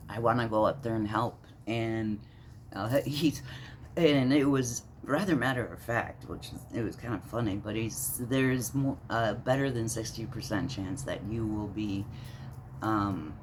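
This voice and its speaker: A woman from Minnesota ranting in a monologue, rambling and profane, halting with many fillers. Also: very deep voice, slight background noise. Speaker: vlogger.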